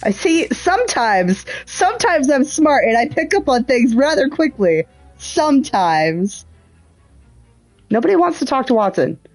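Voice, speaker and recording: A woman's voice: sits high, big pitch swings, measured pace. Woman, streaming a game, chatty, swears, faint game music behind. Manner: thinking aloud, chatty, swears freely. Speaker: livestreamer. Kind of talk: casual gameplay commentary.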